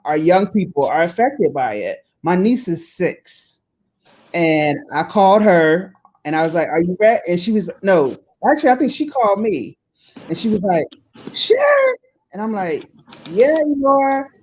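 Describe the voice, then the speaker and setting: A middle-aged woman talks as a guest in a casual chat, her voice sitting on the low side. She tells lively stories and slips into the voices of the people she quotes. She delivers them with plenty of rise and fall. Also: normal speed. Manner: animated storyteller, acts out quoted voices. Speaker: talk show guest, arts executive director.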